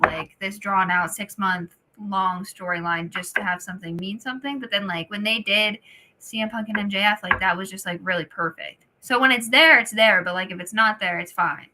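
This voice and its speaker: A woman's voice: medium pitch, pushed and bright, slight background noise. A young woman, a podcast guest, chatting casually in a laid-back way and hedging her opinions. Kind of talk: casual chat.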